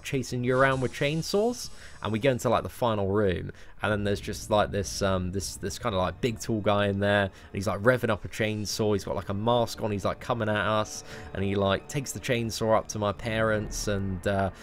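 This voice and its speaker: A young English man talking through a game live stream in a loose, chatty way. He jokes at his own expense and fills his talk with "mate" and "like". Faint music plays quietly behind him. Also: lowish voice. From England. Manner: chatty, self-mocking, lots of "like" and "mate". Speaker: gaming streamer. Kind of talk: casual live-stream chat answering viewers.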